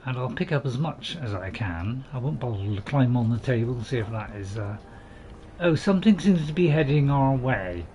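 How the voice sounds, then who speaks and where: With a medium-pitched, slightly mellow voice and lively intonation, this gaming channel host talks at a normal speed. He narrates gameplay in a chatty, self-deprecating way, cracking dry jokes while hesitating, restarting and using plenty of fillers.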